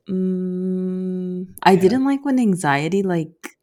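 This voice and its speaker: A woman with a notably low voice co-hosts a relaxed podcast chat. She is easygoing and keeps the conversation moving with questions. Her delivery stays loose and unscripted. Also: drawn-out words. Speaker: podcast co-host. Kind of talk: casual chat.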